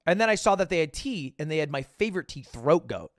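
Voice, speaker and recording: A young man livestreaming, casually telling a story to his chat, swinging between loud bursts and low asides and acting out the dialogue. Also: big pitch swings, quick pace, no room sound, studio quality. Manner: acts out quoted dialogue.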